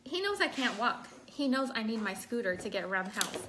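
A woman's voice: on the high side, sing-song, fairly quick, background noise. A woman chatting casually through a makeup tutorial at home, breaking off to talk to her child. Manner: chatty, scattered, talks to viewers and her child mid-task. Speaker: makeup vlogger. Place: at home indoors.

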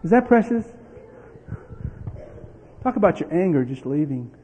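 A man's voice: on the high side, measured pace, slight background noise. A middle-aged man preaching and telling family stories, acting out the dialogue with bursts of energy. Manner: animated storyteller, acting out quoted dialogue, laughing. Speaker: pastor. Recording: tinny lo-fi with long hall reverb.

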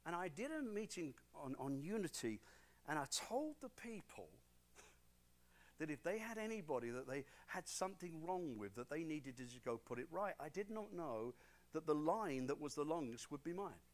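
Middle-aged British male preacher, emphatic sermon delivery, high-pitched and very animated. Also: normal speed. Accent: British English. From Britain. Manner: swings from loud preaching to quiet storytelling; animated, emphatic, repeats for stress. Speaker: pastor.

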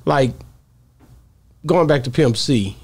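A man hosting a casual interview, relaxed and enthusiastic as he asks questions. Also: mid-range voice, takes it slowly, breathy edge. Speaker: interview host.

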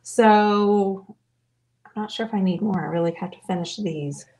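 Warm, medium-pitched and moderately paced, this woman's voice carries her live painting show as she chats, tells stories and laughs a lot. She is in her forties and talks casually while she works on her painting.

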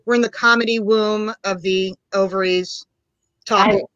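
A woman's voice: mid-range voice, fairly even intonation, normal speed, a bit bright, dry recording, muffled recording. A woman joining a podcast as a guest, a comedy writer who chats casually with wry jokes over a video call. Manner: wry, joking. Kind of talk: casual interview chat.

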